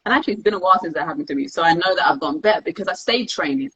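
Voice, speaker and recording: Racing along in a lowish voice, a young woman chats candidly as an interview guest, animatedly acting out her own thoughts. She practices dance, the talk is casual, and the recording has a dull, lo-fi sound.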